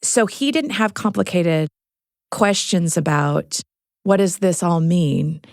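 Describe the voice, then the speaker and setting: Low gravelly woman telling a story. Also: takes it slowly, dry recording, clean studio sound. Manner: earnest, storytelling, at times choked up. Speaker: guest. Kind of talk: emotional interview.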